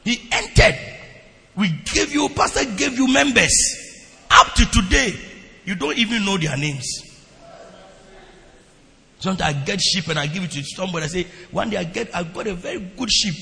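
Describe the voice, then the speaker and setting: A man preaching with a high, bright, gravelly voice that swings up and down as he tells stories to his church. His words ring out with a long hall reverb behind them. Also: a little fast, long pauses. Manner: animated storytelling preaching with repeated exclamations. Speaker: pastor. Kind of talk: sermon.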